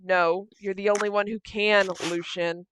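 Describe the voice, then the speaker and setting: A woman voicing a gentle young man who speaks softly and with resignation as he sacrifices himself in a tabletop game. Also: medium pitch, little pitch movement, unhurried, slight background noise, natural voice. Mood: tender. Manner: soft, tender, resigned. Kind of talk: acting out a tabletop game character.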